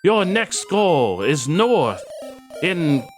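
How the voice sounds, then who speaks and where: A wise old owl, read out by a man, speaking slowly and solemnly in a slightly raised, lively voice. He gives guidance like a game character in a storybook adventure. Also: a little high, soft background music, pitched above the performer's own voice, heavily acted. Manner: slow, solemn reading of game text.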